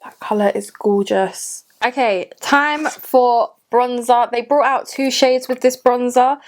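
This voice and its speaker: Late 20s girl doing a makeup tutorial, bit high voice, chatty and gushy, mutters to herself. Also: fairly even intonation, takes it slowly. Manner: chatty and gushing, talking to herself while applying makeup. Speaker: beauty vlogger. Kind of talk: casual makeup tutorial chat. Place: home room at a cluttered desk.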